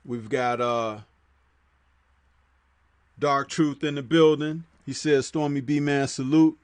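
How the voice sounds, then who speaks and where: This livestream host takes it slowly, with fairly even intonation and no echo on the recording. He talks loosely, uses lots of fillers, reads viewers' comments out, and goes low on his asides.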